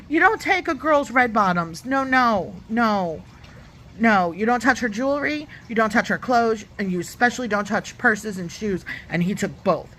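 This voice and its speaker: Bright-voiced chatty woman reviewer. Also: mid-range voice, a little hiss or hum. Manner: chatty and opinionated, acts out quotes. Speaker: YouTube reviewer. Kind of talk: casual reality-TV review.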